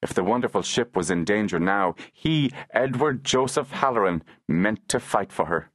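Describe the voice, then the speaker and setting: Deep-voiced male audiobook narrator. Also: expressive, moderate pace, fairly bright tone, dry recording.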